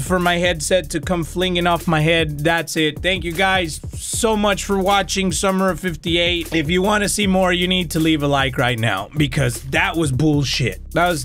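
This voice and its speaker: A young man with a Mexican accent giving loud, cursing horror gameplay commentary, easily spooked and given to sudden yelps. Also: on the high side. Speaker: gaming YouTuber.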